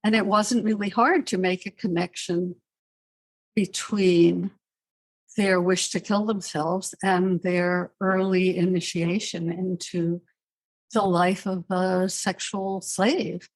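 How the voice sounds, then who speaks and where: An older woman speaking as a psychiatrist guest in an interview, telling her story in a measured, thoughtful way with dry asides. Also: mid-range voice. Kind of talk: reflective interview answers.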